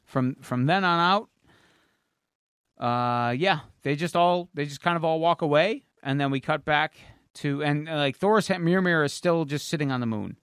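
A man's voice: on the high side, moderate pace, fairly bright tone, clear, resonant tone, no room sound, studio quality. Man recapping a plot, casual podcast talk. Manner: rambling plot recap with fillers and swearing. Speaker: podcast co-host. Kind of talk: casual chat.

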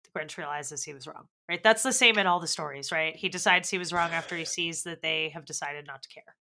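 A woman's voice: deep voice, a little fast, pushed and bright. A young woman co-hosting a podcast in casual chat, rambling and swearing, leaning on "like", acting out quotes. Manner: rambling, swears, heavy use of "like", acts out quotes. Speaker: podcast co-host.

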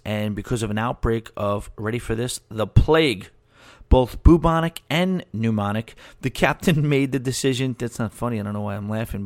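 A man's voice: mid-range voice, no room sound. A man hosting a casual solo podcast, rambling, joking and laughing at his own asides. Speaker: podcast host.

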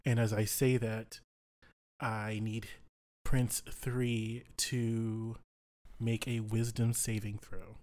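A man playing a tabletop game, speaking loudly and brashly in character. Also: medium pitch, level tone, slow. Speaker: player. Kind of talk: tabletop role-play.

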